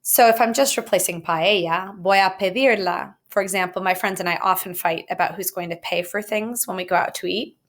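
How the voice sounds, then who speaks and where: A woman explains grammar in a recorded video lesson, lively and jokey, with playful asides. Her voice sits a little low for a woman. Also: fairly quick, few pauses. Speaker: Spanish teacher.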